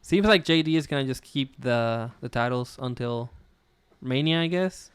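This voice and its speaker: A man's voice: medium pitch, normal speed, clear, resonant tone, no echo. A man with a Midwestern American accent co-hosting a casual wrestling podcast, laid-back and rambling, swearing and laughing often. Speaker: podcast co-host.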